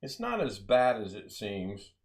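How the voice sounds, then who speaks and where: A man's voice: on the low side, big pitch swings, a little slow. Chatty, laughing streamer man. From United States. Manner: chatty, laughs often, rambling asides. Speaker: live stream host. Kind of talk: casual live stream chat.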